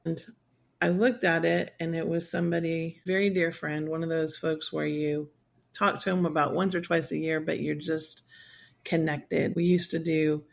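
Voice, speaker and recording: A woman in her sixties, speaking in a podcast interview with a gravelly edge to her voice. She tells a personal story in a candid, rambling way. She slips into quick quoted voices of herself and others. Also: sits low, little pitch movement. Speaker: guest, survivor advocate.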